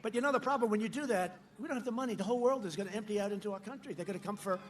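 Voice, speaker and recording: A man giving a campaign rally speech at a podium microphone, mocking and repetitive, shouting lines out to the crowd. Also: high-pitched, rapid-fire. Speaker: politician addressing a rally crowd. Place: large outdoor rally.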